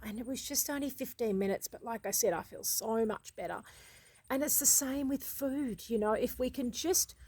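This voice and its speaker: A woman's voice: a little high, darkish tone, no room sound, poor audio. Chatty Australian woman, dry sound. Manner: rambling and conversational, with many restarts. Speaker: habits vlogger. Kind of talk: casual reflective monologue.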